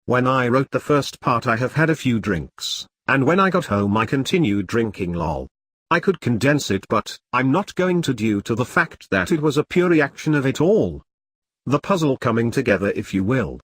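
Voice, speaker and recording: A man reading a first-person online story aloud as scripted narration, with a steady read-aloud delivery. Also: medium pitch, normal speed, husky.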